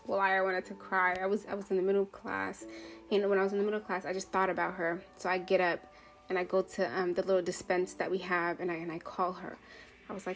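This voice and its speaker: A young woman tells her viewers a personal story in a loose, rambling way, circling back with fillers and restarts. Her voice sits at an ordinary middle pitch and carries open emotion. Faint music plays quietly beneath her. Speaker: vlogger telling a personal story.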